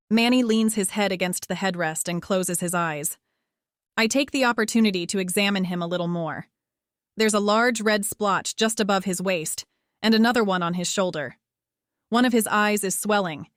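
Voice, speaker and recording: A woman reading a teen spy thriller as first-person audiobook narration, steady and lightly dramatic. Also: mid-range voice, no room sound, clean studio sound.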